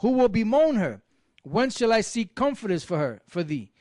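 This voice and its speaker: A man with a high voice reads old scripture aloud in a steady, declaiming way. The sound is dry and close. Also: moderate pace, dry recording. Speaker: scripture reader in a religious group.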